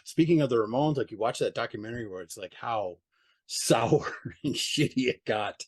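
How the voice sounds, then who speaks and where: A man's voice: medium pitch, animated, normal speed. A man giving a casual interview as a record label owner, blunt and profane, with mocking asides. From United States.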